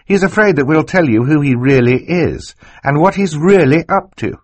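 A man's voice: on the high side, expressive, moderate pace, darkish tone, dry recording, voice pushed up. A man reading an audiobook voices a determined, earnest teenage girl in an urgent, pleading way.

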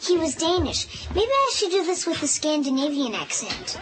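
A woman's voice: high voice, sing-song, normal speed, loud music behind the voice, a loud crowd. A woman voicing a schoolboy who recites a tragic prince in an overblown stage manner. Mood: hammy.

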